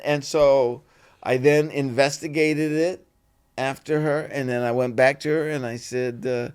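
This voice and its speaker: A man's voice: medium pitch, measured pace, smooth. An older man, a guest actor in an interview, telling stories and acting out bits of dialogue. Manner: animated, acts out dialogue in voices. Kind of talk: casual interview storytelling.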